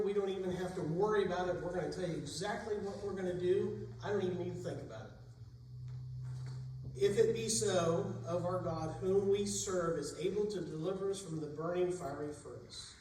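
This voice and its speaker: A man's voice: sits high, a little mellow, slight background noise. A man preaching a sermon in a church, retelling Bible stories in plain everyday speech. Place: church sanctuary. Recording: echoey room, distant mic.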